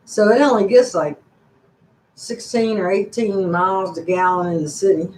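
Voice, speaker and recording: A woman's voice: medium pitch, fairly even intonation, moderate pace, darkish tone, slight background noise. An older woman hosting a casual live-stream chat, rambling along in a folksy, chatty way. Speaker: channel host. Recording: echoey room.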